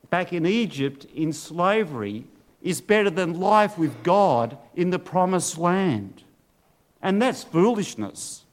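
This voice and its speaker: Middle-aged male pastor, earnest preacher, slightly high voice with a wide, lively range. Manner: earnest preaching with rhetorical questions. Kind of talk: sermon.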